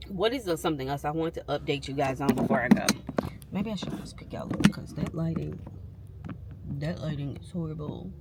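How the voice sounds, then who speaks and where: A woman's voice: deep voice, fairly quick, heavy background noise. A woman, talking candidly and emphatically to viewers from her parked car. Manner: candid venting, frank and emphatic. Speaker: vlogger. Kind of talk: casual vlog chat.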